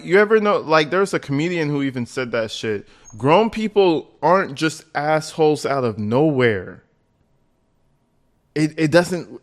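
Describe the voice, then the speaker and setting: Profane sarcastic male streamer. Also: fairly high pitch. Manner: profane, sarcastic, heavy swearing. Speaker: streamer reading messages. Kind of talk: live-stream commentary.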